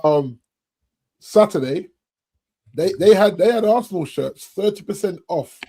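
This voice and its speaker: A man on a football podcast panel, telling animated stories in casual chat. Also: high-pitched, unhurried, breathy edge.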